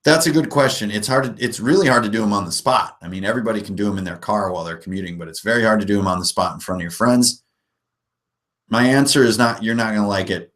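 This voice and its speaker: A man's voice: fairly low pitch, fast talker, fairly bright tone. A man in his forties hosting a live stream, chatting casually and rambling with jokes and self-mocking laughs. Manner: rambling, jokey, often laughing at himself. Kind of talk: casual live chat about tabletop gaming.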